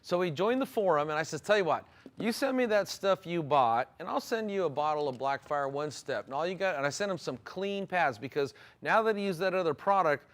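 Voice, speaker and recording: A man's voice: a little high, animated, fairly quick. A man hosting a live product stream, telling folksy stories in an enthusiastic, casual way. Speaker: car detailing product host.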